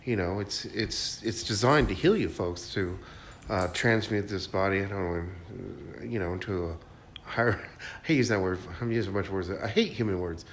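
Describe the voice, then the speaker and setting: Low-voiced man giving rambling spiritual talk. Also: moderate pace. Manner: rambling, restarts, soft guided hushing at times. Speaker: spiritual channel host. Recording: faint background noise.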